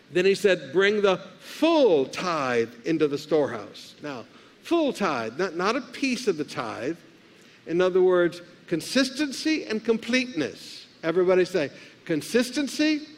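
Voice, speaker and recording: A male pastor preaching a sermon, leading the congregation in call-and-response. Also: high-pitched. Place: church sanctuary. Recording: live with long hall reverb.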